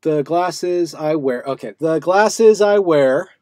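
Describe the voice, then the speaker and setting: A man hosts a casual live stream from a small room, musing aloud in a playful, rambling way. His voice sits a little high for a man, and he keeps stopping to restart his sentences. The sound is close and dry. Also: dark tone, no room sound. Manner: rambling, playful, halting with many fillers and restarts. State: sweaty. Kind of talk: casual livestream monologue.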